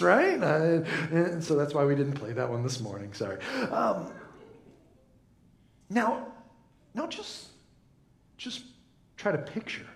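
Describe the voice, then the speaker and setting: A man's voice: on the high side, slow pace, gravelly, long pauses, echoey room. A man preaching a humorous sermon in a church, joking and mimicking voices as he talks. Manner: jokey, animated, mimics voices, frequent laughs. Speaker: pastor.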